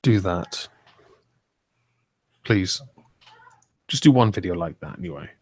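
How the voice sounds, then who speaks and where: A man's voice: sits low, lively intonation, slow, husky, no echo. A man hosting a casual group chat, joking and swearing freely.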